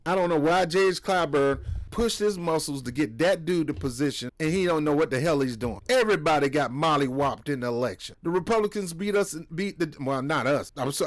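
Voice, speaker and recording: Give me a heated, trash-talking man, slightly high voice, recorded dry and close. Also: no room sound. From New York. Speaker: political commentator. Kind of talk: casual reaction commentary.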